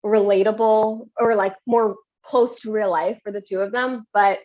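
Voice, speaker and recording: A woman's voice: medium pitch, fairly even intonation, normal speed, dull audio. A woman hosting a podcast, chatting casually with many fillers. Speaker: podcast host. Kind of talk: casual chat.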